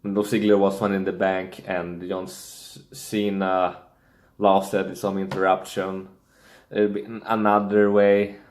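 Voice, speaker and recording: A man's voice: sits low, completely flat delivery, a little slow. A young man talking casually through his predictions, hesitant and thinking aloud with many fillers and restarts, in non-native English phrasing. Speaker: wrestling fan predicting matches. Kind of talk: casual solo prediction talk.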